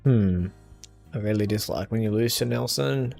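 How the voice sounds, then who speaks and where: A young man streaming a game and chatting casually with viewers in a relaxed, easygoing way. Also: on the low side, normal speed, vocal fry, faint music behind. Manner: relaxed, chatty, answers chat with small laughs. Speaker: gaming streamer.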